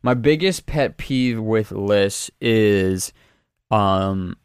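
A man's voice: fairly low pitch, extremely slow, clear, resonant tone, no echo, studio quality. A young man talking casually as a podcast guest, rambling and playfully defensive.

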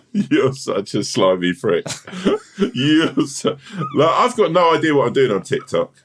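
Co-host, bloke, very lively up-and-down delivery, sweary, rambles and restarts, casual chat energy. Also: male voice, medium pitch, takes it slowly, a little hiss or hum. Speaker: podcast co-host.

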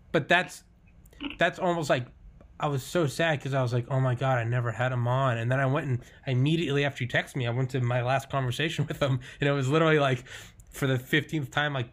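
A man's voice: mid-range voice, fast, a bit bright. A man hosting a podcast, talking in a loose, casual way and swearing freely. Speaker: podcast host. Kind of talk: casual conversation.

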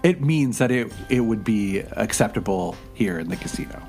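An overly courteous bard, as a man puts him on, full of stammered apologies and long-winded questions. His pitch swings widely as he rambles. Faint music plays underneath. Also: lively intonation, moderate pace, gravelly, a little mellow. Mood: fretful. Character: overly polite, wordy male bard.

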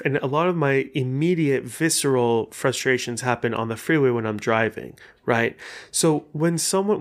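A man talking at an ordinary middle pitch, in a loose, rambling monologue. He swears freely and keeps it conversational, like a host chatting on his own show. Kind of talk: casual monologue.

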